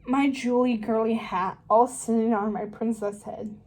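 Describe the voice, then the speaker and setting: A woman's voice: fairly high pitch, fairly even intonation, moderate pace, a little mellow, natural voice, low-quality recording. A woman voicing a dim, vain young servant girl in a storybook reading, chattering dreamily to herself. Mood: dreamy.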